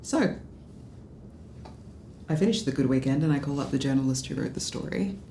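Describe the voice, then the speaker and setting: A woman's voice: very deep voice, normal speed, warm tone, echoey room, slight background noise. An actress playing a drunk Australian political media adviser, bitter and sarcastic as she rambles through a story. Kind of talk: film drama dialogue.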